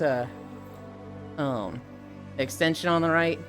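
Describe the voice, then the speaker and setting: A young woman streamer chats casually with her audience in a loose, joking way. Her voice sits a little low, but her pitch swings widely, and faint music plays behind her. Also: very animated, normal speed. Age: young adult. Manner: loose, joking, laughs a lot. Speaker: livestreamer. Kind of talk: casual livestream chat.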